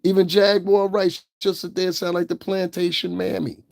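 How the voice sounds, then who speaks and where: A man's voice: high-pitched, level tone, normal speed, vocal fry, darkish tone, no room sound, clean studio sound. A man hosting his own channel, giving blunt, profane and scornful commentary. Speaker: channel host. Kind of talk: ranting livestream commentary.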